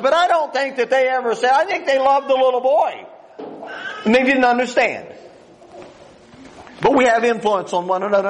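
Older preacher with a high voice. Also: male voice, low-quality recording. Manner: folksy, rambling, with restarts and plain country grammar. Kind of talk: sermon.

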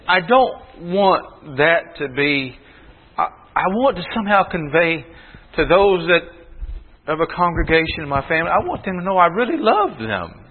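A man's voice: on the high side, sing-song, a little slow. A man preaching a sermon to his congregation in an earnest, emphatic way. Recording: tinny phone-like sound with long hall reverb.

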